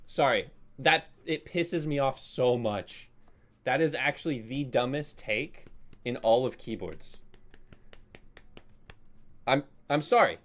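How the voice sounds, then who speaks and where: A man's voice: medium pitch, takes it slowly, pauses often, fairly bright tone. A man hosting a keyboard vlog, ranting in an exasperated, sarcastic way and apologizing between outbursts. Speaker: keyboard video host.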